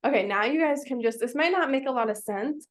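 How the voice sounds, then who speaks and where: Speaking fast and expressively in a high voice, a woman leads a children's reading group. Her classroom manner is patient and encouraging, full of questions for the kids.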